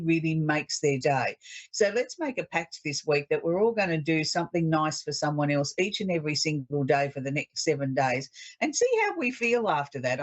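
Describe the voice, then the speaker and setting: Chatty Australian woman psychic host. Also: sits low. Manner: chatty, reflective, uplifting. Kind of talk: solo radio talk.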